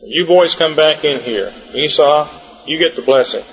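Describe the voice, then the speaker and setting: A man's voice: a little high, moderate pace, a bit bright, breathy edge. A man voicing a blunt old father who gives offhand orders to his sons. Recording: dull sound, long hall reverb.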